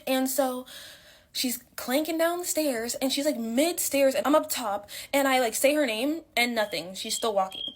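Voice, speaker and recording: Young adult woman, slightly high-pitched, rambling casual storyteller with lots of fillers and dramatic swings. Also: normal speed.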